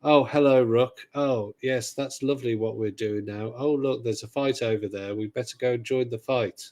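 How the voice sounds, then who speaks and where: A man mimicking a bland young English woman companion from a game, delivering her cheerful lines in a flat, unemotional monotone. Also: mid-range voice, moderate pace, lightly acted.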